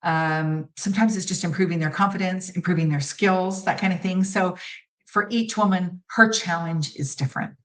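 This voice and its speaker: A woman's voice: lowish voice, fairly even intonation, moderate pace, a bit bright, low-quality recording. Confident, emphatic woman pageant judge. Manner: confident, emphatic, acts out quotes, laughs easily. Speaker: pageant judge and coach, interview guest. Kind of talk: conversational interview answers.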